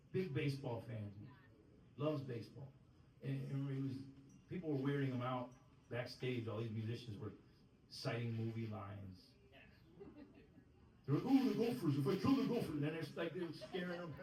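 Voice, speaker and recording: A man's voice: medium pitch, normal speed, a little mellow, slight background noise. A man leading a band, telling a rambling story between songs with many restarts. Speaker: bandleader. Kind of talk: stage banter between songs. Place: live music pub. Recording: echoey live room, distant mic.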